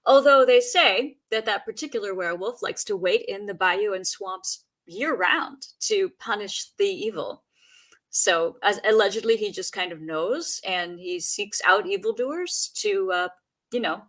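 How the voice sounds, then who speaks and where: A woman with a bright, forceful voice chats on a podcast, spinning folk legends in a loose, rambling way. She fills her sentences with ums and uhs while she tells the stories. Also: mid-range voice, expressive, unhurried. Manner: storytelling folklore, chatty with fillers. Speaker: podcast guest. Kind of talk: casual chat.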